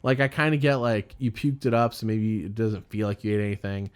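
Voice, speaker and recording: A man's voice: on the low side, fairly quick, clean tone. A man co-hosting a podcast in casual chat, rambling, laughing often and mimicking people he quotes. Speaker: podcast co-host.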